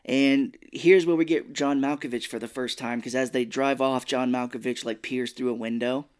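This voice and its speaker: Male podcast co-host, mid-pitched and easygoing, a casual recapper who mimics the characters for laughs. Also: fairly even intonation, clean tone. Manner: easygoing storyteller who slips into quick mocking voices of the characters. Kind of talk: casual chat recapping a film.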